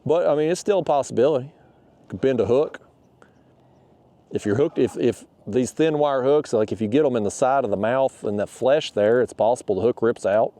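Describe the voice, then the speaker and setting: A man's voice: mid-range voice, normal speed, warm tone. A man talking casually to his audience while fishing from a kayak on a river, full of folksy exclamations. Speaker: fishing vlogger.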